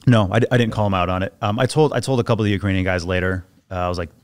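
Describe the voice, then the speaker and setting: A man, a former soldier, telling stories as a podcast guest in a casual, animated way with many restarts. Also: low voice, very fast, smooth. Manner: animated storyteller, acts out quoted voices, many restarts. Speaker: podcast guest, former Navy SEAL sniper. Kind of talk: casual storytelling interview.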